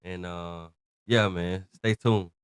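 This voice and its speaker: A man's voice: low voice, fairly even intonation, slow pace, clear, resonant tone, dry recording. A man hosting a casual commentary show, talking in a slangy, emphatic, rambling way. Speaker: host.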